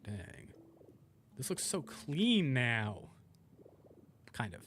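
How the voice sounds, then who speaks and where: A young adult man streaming a video game, chatting casually with viewers and thinking aloud in a relaxed, rambling way. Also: medium pitch, drawn-out words, a little hiss or hum. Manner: laid-back, rambling, thinks aloud while playing. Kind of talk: casual gameplay chat with viewers.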